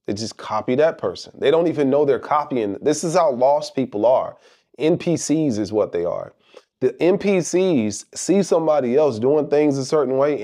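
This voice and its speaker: Man, middle-aged, motivational monologue, emphatic, repetitive rhetorical phrasing, mellow dark tone. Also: mid-range voice. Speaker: motivational speaker.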